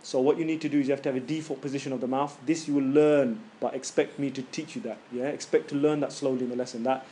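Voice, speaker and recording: A man teaching a tajweed class in a casual, joking way, stretching out sounds slowly and loudly to demonstrate them. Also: medium pitch, steady tone, slight background noise.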